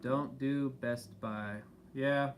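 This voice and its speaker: A man's voice: mid-range voice, steady tone, very slow. Easygoing rambling man, faint hum. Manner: rambling, easygoing, many fillers. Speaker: channel co-host. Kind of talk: casual live-stream chat.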